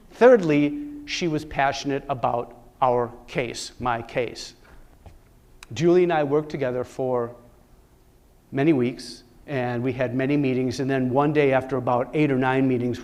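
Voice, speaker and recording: A man giving a talk at a conference, telling a personal story in a dramatic, joking way and acting out the conversations. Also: mid-range voice. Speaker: conference speaker. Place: conference stage.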